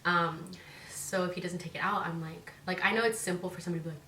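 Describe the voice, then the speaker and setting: A young woman rambles to her camera in a relaxed vlog, peppering every sentence with "like" and tossing in swear words. Her voice sits a touch low and sounds somewhat distant from the mic. The room around her is echoey, with a faint hum of ambience behind. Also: brisk. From Northern California. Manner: chatty, heavy on "like" fillers, swears freely. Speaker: vlogger. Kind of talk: casual chat to camera.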